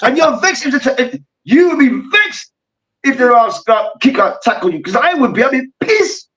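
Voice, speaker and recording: A man's voice: very high-pitched, expressive, moderate pace, a bit bright, far from the mic, muffled recording. A man co-hosting a heated sports debate, ranting animatedly with lots of slang and swearing. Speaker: co-host.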